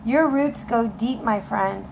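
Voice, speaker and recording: A woman's voice: a little high, slow, creaky, background noise. A woman giving a casual tarot reading, talking straight to viewers in an encouraging way, her voice getting tired. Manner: encouraging, talks straight to viewers, keeps checking in with "okay?". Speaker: tarot reader.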